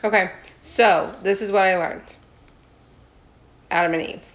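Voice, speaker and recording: A woman's voice: medium pitch, steady tone, measured pace. Laughing irreverent woman retelling stories. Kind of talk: casual comedic chat.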